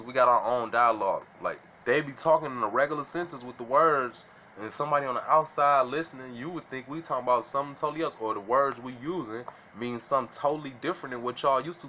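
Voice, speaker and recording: Casual vlogger, man, slangy and bright, faint noise behind. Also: mid-range voice. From Illinois. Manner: slangy, keeps asking "you know what I'm saying". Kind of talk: casual monologue to camera.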